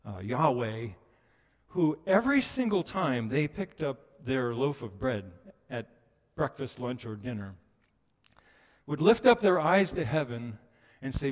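A man preaching a sermon, moving between hushed passages and loud, emphatic ones. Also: mid-range voice, very animated, slow pace. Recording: long reverb of a large hall.

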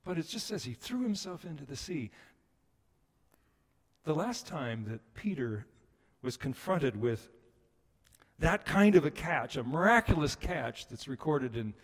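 A man preaching a sermon, moving between hushed passages and loud, emphatic ones. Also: on the high side, sing-song, a little slow, long pauses. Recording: long reverb of a large hall.

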